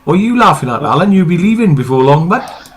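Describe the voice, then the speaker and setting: A man's voice: fairly high pitch, very animated, quick pace. A man from England co-hosting a casual live chat, teasing the others and swearing freely. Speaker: co-host.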